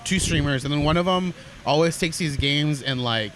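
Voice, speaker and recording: A man's voice: fairly high pitch, moderate pace, fairly bright tone, a little hiss or hum. A man co-hosting a casual podcast, describing things in a rambling way with many fillers. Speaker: podcast co-host.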